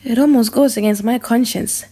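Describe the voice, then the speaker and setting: A woman's voice: a little high, normal speed, mellow, husky. A woman reading the lines of a vengeful young nobleman in an audiobook drama, urgent and confessing. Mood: grim.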